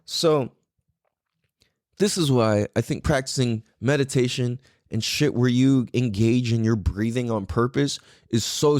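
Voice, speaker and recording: A man's voice: medium pitch, measured pace, dry recording, clean studio sound. A man hosting a podcast, talking casually in a rambling way and swearing freely. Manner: animated, profane, rambling. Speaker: podcast host.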